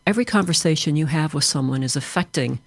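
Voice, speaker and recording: A man's voice: a little high, fast, dry recording. A man from Chicago with an American accent, answering interview questions in a fluent, explanatory way as an author and trainer. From Chicago, USA.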